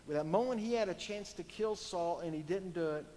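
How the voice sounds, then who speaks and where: A man preaching a sermon as pastor, earnest and emphatic, rising for emphasis and dropping to soft asides. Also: high-pitched, a little fast, slight background noise. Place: church sanctuary. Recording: distant church hall reverb.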